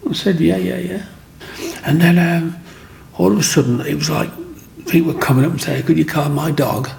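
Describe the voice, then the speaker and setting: Gravelly man telling stories. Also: fairly high pitch, normal speed. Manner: animated storyteller acting out other people's lines. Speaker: interviewee. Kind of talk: storytelling in an interview.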